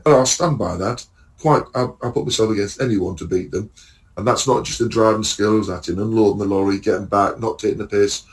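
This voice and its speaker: A man with a somewhat low voice tells stories about his work as a lorry driver in a relaxed, chatty way. He acts out the other people's lines as he goes and swears freely. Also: poor audio. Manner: animated storytelling, acts out dialogue, swears freely. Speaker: lorry driver and podcast guest. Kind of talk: casual chat.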